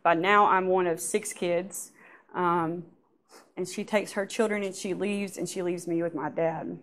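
A woman with a somewhat low voice shares her personal church testimony. She speaks haltingly and softly, and her sentences often trail off. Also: fairly even intonation. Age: adult.

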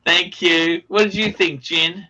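A man's voice: high-pitched, fairly even intonation, measured pace, sharp tone, highs cut off. A man hosting a casual livestream chat, swearing freely and reading out donations. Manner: brash, profane, rattles off donation names. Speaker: livestream host.

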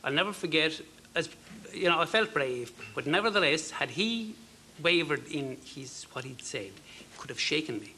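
An Irish man in his fifties, a talk show guest, telling a personal story in an earnest, halting way. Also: on the high side, lively intonation, slight background noise. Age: 50s. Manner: earnest, halting, with fillers and soft dropped phrases.

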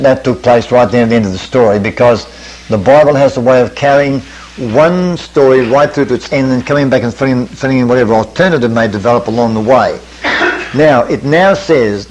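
An older man preaching at a camp meeting, leading a measured Bible study that quotes scripture and puts questions to his listeners. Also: mid-range voice, a little mellow, poor audio. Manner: measured, questioning teacher, quotes scripture in King James wording.

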